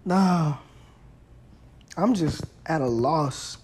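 A man's voice: on the high side, drawn-out words, a little mellow. A young man hosting his own podcast, chatting casually and rambling in laid-back slang. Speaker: podcast host. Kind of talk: casual solo podcast chat.

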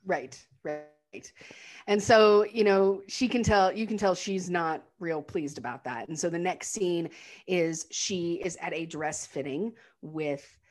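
A woman casually recapping a film's story, chatty and animated, sometimes slipping into the characters' voices. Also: on the low side, slow pace. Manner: animated retelling, acts out quotes in character voices. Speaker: podcast co-host recapping a film. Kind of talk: casual chat.

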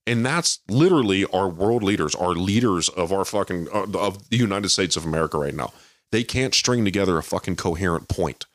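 A man's voice: low voice, animated, brisk, dry recording. A man co-hosting a podcast, ranting heatedly about politics, swearing constantly and mocking others with impressions. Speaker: podcast co-host. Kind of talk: profane political rant.

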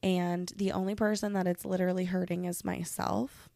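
Gravelly young woman venting on a podcast. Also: lowish voice, little pitch movement, moderate pace, mellow, no echo, clean studio sound. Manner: candid, profane, heavy use of "like". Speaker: podcast host. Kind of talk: casual venting monologue.

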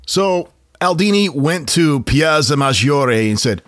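A man's voice: a little slow, no echo, clean studio sound. A man with a Maine accent chatting as a podcast co-host, telling stories and slipping into comic voices. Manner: lively storyteller, slips into high-pitched character voices. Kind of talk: casual chat.

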